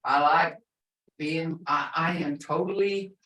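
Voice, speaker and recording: An older woman from the Muscogee Nation teaching a casual language class, slow and patient, repeating words for learners. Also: low voice, fairly bright tone, reverberant, distant mic, rough recording. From Muscogee (Creek) Nation, Oklahoma.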